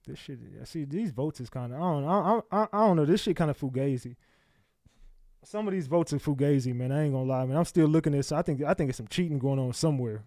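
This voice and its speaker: A man hosting a casual livestream, talking loose slang with blunt profanity and getting loud when he talks back at clips. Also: on the high side, fast talker, no echo, clean studio sound. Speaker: livestream host. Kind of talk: casual live commentary.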